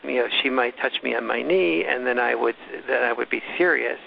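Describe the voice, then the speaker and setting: A man's voice: medium pitch, a little fast, gravelly, a little hiss or hum. A man as an interview guest, explaining things at length in a discursive, casual way with frequent restarts. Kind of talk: casual storytelling in conversation. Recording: dull, slightly lo-fi recording.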